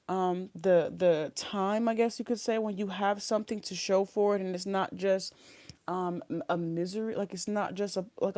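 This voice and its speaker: Woman, tarot reader, rambling casual monologue, giggles often, mid pitch, dry close sound. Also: mellow, dry recording. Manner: rambling, giggly, full of fillers and restarts. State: talking around a sore wisdom tooth. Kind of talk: casual spiritual reading monologue.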